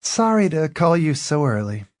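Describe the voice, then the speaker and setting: A man reading the part of a young woman writer, eager and a little hesitant, in a soft raised voice. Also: on the high side, big pitch swings, moderate pace, no echo, studio quality, voice pushed up. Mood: earnest.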